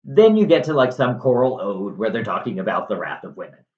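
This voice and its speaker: A man's voice: lowish voice, sing-song, a little fast. Sarcastic, chatty male storyteller. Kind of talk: casual, comic retelling. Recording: roomy, slightly muffled room sound.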